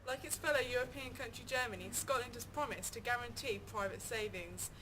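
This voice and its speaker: A woman's voice: on the high side, a little fast. A woman presenting an amateur mock news show, reading in a plain way. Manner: plain read-aloud delivery. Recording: background noise.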